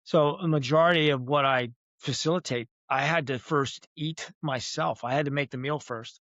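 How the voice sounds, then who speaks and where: A man speaking as a podcast guest, talking earnestly and reflectively with frequent pauses and vivid comparisons. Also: fairly high pitch, a bit bright, no echo, dull audio. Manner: earnest, uses metaphors, many "uh" pauses. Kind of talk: reflective interview talk.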